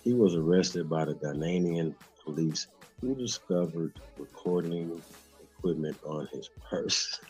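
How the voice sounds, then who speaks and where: A man's voice: sits low, measured pace, darkish tone, faint music behind. A man hosting a live stream, reading a text aloud and often breaking into mocking laughter and swearing.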